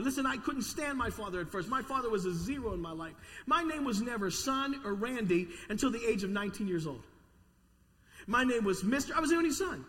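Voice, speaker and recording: A man preaching a sermon to a congregation in a church, energetic with call-and-response. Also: extremely high pitch, in a large hall. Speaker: pastor. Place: church sanctuary.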